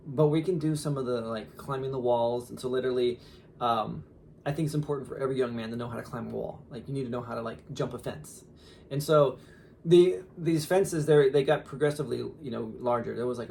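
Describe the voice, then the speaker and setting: A man in his thirties, a father, telling a story casually on a podcast in an animated way with lots of fillers. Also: medium pitch, vocal fry, slight background noise. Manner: animated, laughing, lots of fillers and quoted asides.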